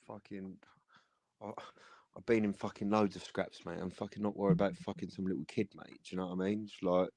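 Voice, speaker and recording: Fast-talking deep-voiced man. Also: level tone, a little mellow, no echo. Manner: swears a lot, rambling retelling. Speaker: panelist. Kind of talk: casual football chat.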